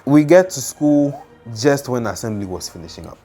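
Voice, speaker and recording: A young man casually telling a childhood story, lively and dramatic, with lots of fillers. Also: lowish voice, brisk, faint music behind.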